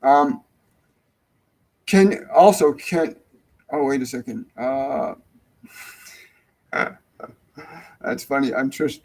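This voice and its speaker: A man's voice: medium pitch, very slow, long pauses, darkish tone, rough recording. A middle-aged man hosting a live-stream spiritual Q&A, rambling and repeating phrases for emphasis. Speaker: spiritual medium, show host.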